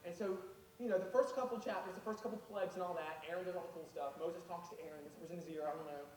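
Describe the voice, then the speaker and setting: A man preaching a sermon, retelling a Bible story in a casual, animated way. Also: quick pace. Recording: echoey hall, far from mic, faint rumble.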